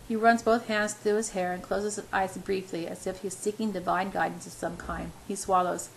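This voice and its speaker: A woman reading a first-person romance story aloud in a plain, steady way. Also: mid-range voice, normal speed, creaky, few pauses, slight background noise, poor audio. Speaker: reader.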